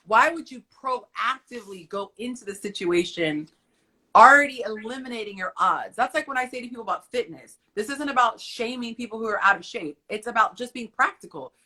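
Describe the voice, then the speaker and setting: Bright emphatic woman chatting on a live, kinda high voice. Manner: emphatic, opinionated. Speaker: guest on a live stream. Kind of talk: casual conversation.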